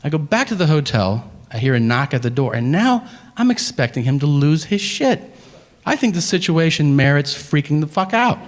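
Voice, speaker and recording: Male stand-up comic, lively pitch, swearing storyteller, stage mic with long hall reverb. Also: moderate pace. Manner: animated, profane, acts out others with grunts and flat voices. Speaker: stand-up comedian. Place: comedy stage before a live audience.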